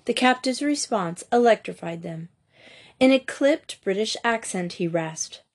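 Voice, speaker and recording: A woman narrating a mystery novel aloud in a measured storytelling manner. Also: mid-range voice, darkish tone. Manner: measured storytelling, voicing each character. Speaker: audiobook narrator. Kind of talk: scripted narration.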